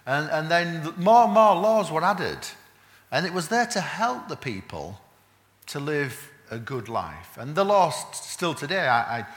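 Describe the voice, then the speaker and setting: A man's voice: a little high, very animated, unhurried, a bit bright, roomy sound, big-room sound. A man preaching a casual sermon in church, full of "uh" fillers and restarts. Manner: chatty, frequent "uh" fillers and restarts.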